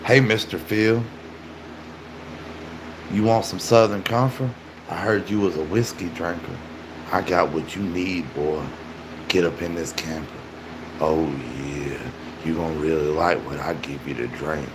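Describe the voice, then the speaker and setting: A man voicing a creepy, drawling older man who lures someone with whiskey, in a very deep, low murmur. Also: background noise. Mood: leering. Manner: slow, leering, suggestive.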